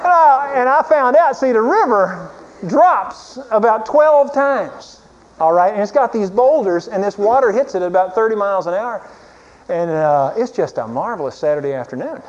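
A man preaching a sermon, telling a lively story and chuckling as he goes. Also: sits high, normal speed. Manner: lively storyteller, chuckling through his anecdote. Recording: dull lo-fi recording with faint hiss.

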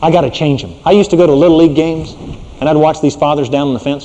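A man's voice: a little high, fast talker, in a large hall. Folksy middle-aged male preacher. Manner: drops to a hushed tone for serious points. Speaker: pastor. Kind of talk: sermon.

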